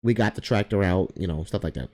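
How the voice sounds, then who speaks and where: A man with a lowish, mellow voice tells a personal story casually. He rambles, circles back and repeats himself as he talks. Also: fast talker.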